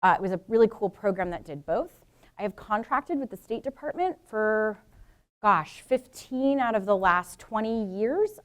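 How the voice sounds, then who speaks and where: With a medium-pitched voice, a middle-aged professor from Brooklyn and New Jersey delivers a public lecture. She's frank and informal, tossing asides to her listeners.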